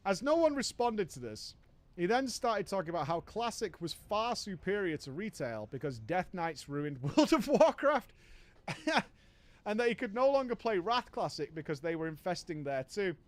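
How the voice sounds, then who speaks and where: A man's voice: sits high, big pitch swings, moderate pace, no echo. A man telling a comic story from an online game, wry and exasperated. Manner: wry, exasperated, often laughing. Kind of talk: comic gaming story narration.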